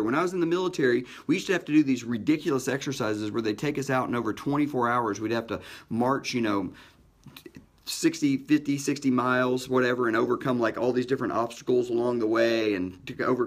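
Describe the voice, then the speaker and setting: A middle-aged man in a motivational talk, his pitch climbing and dropping for emphasis. He speaks in a medium register with a lively, punchy delivery. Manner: energetic, shifts pitch and pace for emphasis. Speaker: motivational podcast host. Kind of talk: motivational storytelling.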